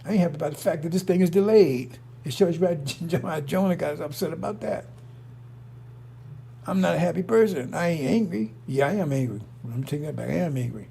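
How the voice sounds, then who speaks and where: A man's voice: fairly high pitch, vocal fry, warm tone, slight background noise. A middle-aged man giving a casual preaching monologue as a religious commentator, rambling and repetitive, blunt and profane.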